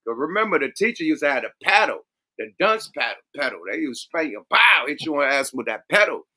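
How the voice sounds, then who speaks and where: Loud, profane podcast host, man. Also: sing-song, fast talker. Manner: loud, profane, acts out voices with big pitch jumps. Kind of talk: casual chat.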